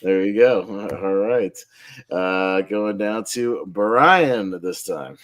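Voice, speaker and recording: A man's voice: on the low side, slow, fairly bright tone. A man hosting a casual online group chat, upbeat and laughing often as he runs the votes. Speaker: host.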